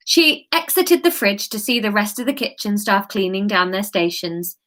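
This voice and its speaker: A woman's voice: mid-range voice, big pitch swings, normal speed, a bit bright. A woman reading her own book aloud, breaking off into giggly, self-mocking asides. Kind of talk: casual read-aloud livestream.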